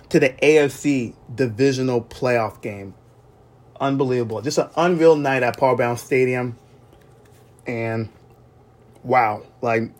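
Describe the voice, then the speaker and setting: A man hosting a solo sports podcast, recapping games in an excited, emotional way and often repeating himself. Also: a little high. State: recovering from illness. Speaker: podcast host.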